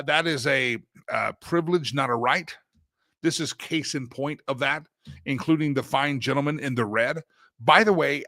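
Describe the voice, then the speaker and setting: Man, show host, casual monologue, jokey, laughs at own gags, sing-song chanting, slightly high voice, dry close sound. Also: bright, forceful tone, no room sound. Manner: sing-song chanting of a recurring segment line.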